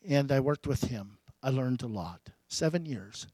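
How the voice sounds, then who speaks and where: A pastor preaching a storytelling sermon, his delivery swinging between loud bursts and hushed asides. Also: medium pitch, expressive, unhurried, dry recording.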